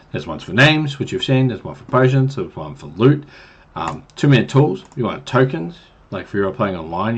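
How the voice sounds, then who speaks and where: With a low, husky voice, a man offers new game masters advice during a livestream, chatty and meandering, with many fillers. The audio comes from a dull, lo-fi stream mic.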